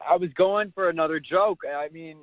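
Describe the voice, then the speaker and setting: A man's voice: on the high side, normal speed. A man on the phone to a radio show, defensive and joking, trying to explain himself. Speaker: caller. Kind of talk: call-in radio argument. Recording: muffled phone line.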